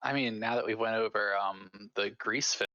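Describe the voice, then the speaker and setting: A man's voice: on the low side, fairly even intonation, moderate pace, sharp tone, dry recording, lo-fi sound. A man chatting casually about a recent weekend, laid-back and self-mocking. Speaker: player. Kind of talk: casual chat.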